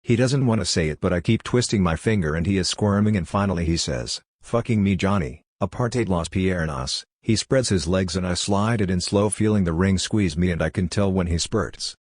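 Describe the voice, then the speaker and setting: A man slowly reading his own literary fiction aloud in a deadpan, fragmented recitation. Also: low voice, no room sound, clean studio sound.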